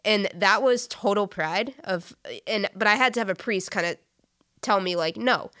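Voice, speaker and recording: A woman in casual conversation about faith, talking in halting phrases with many fillers and restarts. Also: medium pitch, a bit bright, clean tone, no room sound, clean studio sound.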